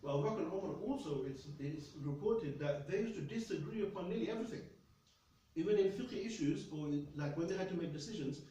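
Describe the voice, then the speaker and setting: Male religion teacher, quick and lively, mellow voice, mic far off in a roomy hall. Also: high voice, a little hiss or hum. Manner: lively, conversational, many "okay?" checks. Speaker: Islamic studies teacher. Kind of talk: classroom hadith lesson.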